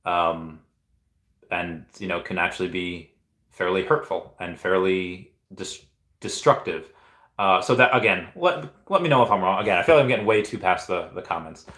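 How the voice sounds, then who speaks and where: Guy in his 30s from peru chatting on a stream, kinda low voice, rambles and restarts, roomy echo. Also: fairly bright tone. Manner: rambling, halting, lots of restarts. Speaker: streamer reading live chat. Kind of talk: casual live stream chat.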